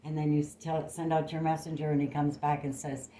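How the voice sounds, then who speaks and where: A woman with a low, mellow voice speaks fairly quickly in a level tone while doing a casual tarot reading to camera. She's blunt, emphatic and freely profane, recorded on a phone in an echoey room.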